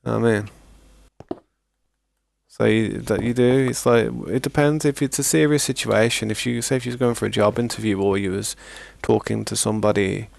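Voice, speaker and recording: A man's voice: lowish voice, fairly even intonation, a little fast, creaky. A man, chatting casually and rambling in a laid-back, slangy way as a gaming streamer. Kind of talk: casual gameplay chat.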